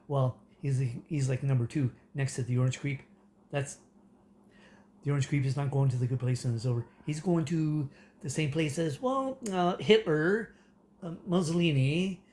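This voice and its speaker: Canadian man, fairly high voice, loose rambling rant with lots of ums and laughs. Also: darkish tone. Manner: rambling, many fillers and restarts, frequent laughter. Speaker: political commentator. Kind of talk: casual rant to camera.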